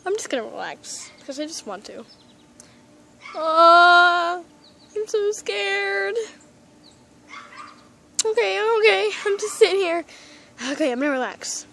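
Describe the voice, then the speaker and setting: A woman voicing an excitable female plush pet toy who panics easily, with dramatic shrieks and pleading, in a toy role-play video. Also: very high-pitched, measured pace, gravelly, long pauses, a little hiss or hum, heavily acted. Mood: panicked.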